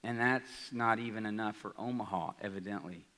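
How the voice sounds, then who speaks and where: A man in his forties giving an energetic speech to an audience, often asking "right?". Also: fairly low pitch, brisk. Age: 40s. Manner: energetic, rhetorical, asks the crowd "right?". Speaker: college president. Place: large hall. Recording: reverberant hall, live speech.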